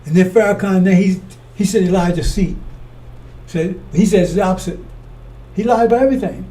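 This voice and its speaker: A man's voice: high voice, a little fast, mellow, far from the mic. A man preaching fiery, accusatory commentary on scripture, repeating himself as he drives each point home.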